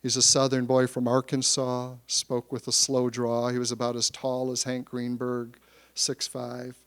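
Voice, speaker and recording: A middle-aged man from Michigan, an author giving a public talk, telling lively anecdotes with frequent restarts. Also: medium pitch, unhurried, clear, resonant tone. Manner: storytelling with restarts, livening up for anecdotes.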